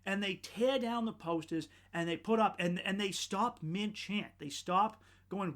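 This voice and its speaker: A man hosting a podcast, delivering a sardonic, profane comedic rant that rambles, restarts and swings between loud outbursts and muttered asides. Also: sits high, measured pace, hardly any pauses. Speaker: podcast host.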